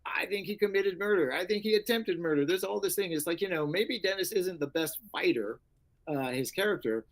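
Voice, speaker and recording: A middle-aged man, an actor and karate instructor, telling stories in a casual interview, animated and acting out voices, with many fillers. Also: high voice, fairly quick, low-quality recording.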